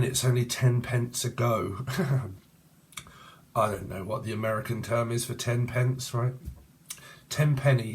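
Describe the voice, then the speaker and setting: A man with an English accent giving a rambling tarot reading in a casual way, jumping between loose associations and crude jokes. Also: mid-range voice. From Cambridgeshire, England. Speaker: tarot reader.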